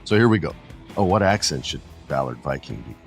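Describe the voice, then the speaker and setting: A man's voice: a bass voice, expressive, brisk, soft background music. A man hosting a podcast, chatting in a laid-back, slangy and jokey way. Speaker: podcast host. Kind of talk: casual podcast chat.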